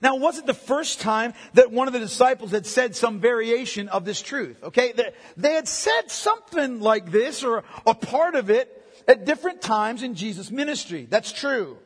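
A man preaching a sermon as pastor, emphatic, swinging from loud declarations to hushed, intimate passages. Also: extremely high pitch, lively intonation, moderate pace, slightly rough, big-room sound.

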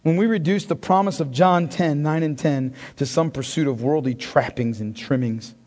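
High-pitched man, fervent preaching, reverberant church hall. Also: moderate pace. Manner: impassioned, swinging from loud to hushed. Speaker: pastor. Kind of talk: sermon. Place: church sanctuary.

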